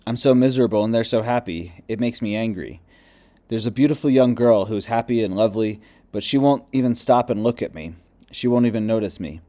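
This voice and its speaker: A lost and bitter male ghost, depressed and confused, speaking low and quietly in a mellow, darkish voice, as a male audiobook reader voices him. The delivery stays subdued and plain. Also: brisk, natural voice. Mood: lonely.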